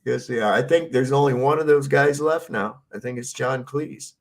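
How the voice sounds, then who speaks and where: A man's voice: medium pitch, moderate pace, creaky. A man chatting casually on a livestream, swearing freely, laughing often and acting out movie scenes.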